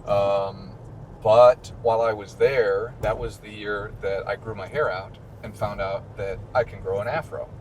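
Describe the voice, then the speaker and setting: A man with a Midwestern American accent, a priest hosting a casual chat during a car ride and telling stories with lively quotes. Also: lowish voice, unhurried, a little hiss or hum. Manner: chatty, storytelling with mimicked quotes. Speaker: priest and podcast host.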